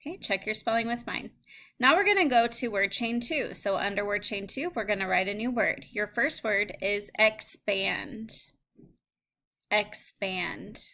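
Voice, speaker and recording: A woman teacher giving a recorded phonics lesson, reading words and phrases slowly and clearly for students to spell. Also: mid-range voice, pushed and bright. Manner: slow, clear word-by-word dictation.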